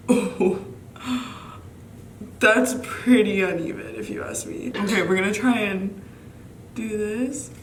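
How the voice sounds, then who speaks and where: A woman's voice: mid-range voice, slow, long pauses. Girl vlogging at home, giggly and panicky, roomy echo, faint room hum. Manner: nervous, giggly, exclaiming often. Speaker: beauty vlogger. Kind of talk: casual vlog chatter. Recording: echoey room, mic a bit distant.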